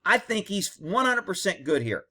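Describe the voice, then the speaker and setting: A man's voice: high-pitched, very animated, moderate pace, noisy background. A man giving blunt, sarcastic and profane commentary on police footage. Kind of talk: video commentary.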